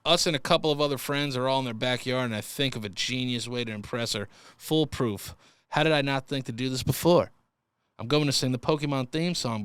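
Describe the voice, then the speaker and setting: A young man hosting a podcast from a studio mic, reading listener stories aloud and swearing freely between jokes. His voice is bright and forceful, and it sits at an ordinary pitch. The sound is dry and close, with little room around it. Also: clean tone, no room sound. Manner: crude, joking, swears freely. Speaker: podcast host.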